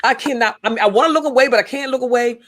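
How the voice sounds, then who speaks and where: A woman hosting a casual talk show, telling a story with lively restarts. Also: a little high, racing. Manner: animated storytelling, many restarts. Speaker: podcast host. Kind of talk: casual chat.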